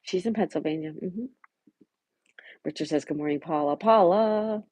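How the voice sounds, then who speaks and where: A woman with a low, husky voice hosts a relaxed livestream, reading out viewers' comments and greeting them one by one. The sound is dry and close, with no room echo. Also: moderate pace. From Buffalo, New York. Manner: greets viewers by name and chats back warmly. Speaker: livestream host. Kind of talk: casual live chat, reading viewer comments aloud.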